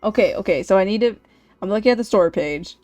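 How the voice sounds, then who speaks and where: Excitable woman streamer, animated. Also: medium pitch, fast talker. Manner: excitable, swears freely, laughs often. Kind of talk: casual game stream commentary.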